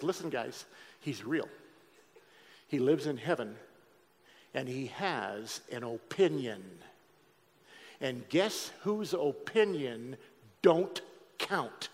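A middle-aged man giving a sermon-style testimony to an auditorium crowd, talking to them directly and swinging from hushed to loud. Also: medium pitch. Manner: conversational, addresses audience directly, shifts from hushed to loud. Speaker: speaker giving a testimony talk. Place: large auditorium. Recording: long hall reverb in an auditorium.

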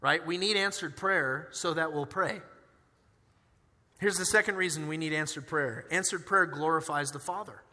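A young man preaching a sermon in a casual, animated way, telling personal stories and acting out their dialogue. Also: a little high, moderate pace. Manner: animated, conversational, acts out dialogue in his stories. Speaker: pastor. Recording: reverberant church hall.

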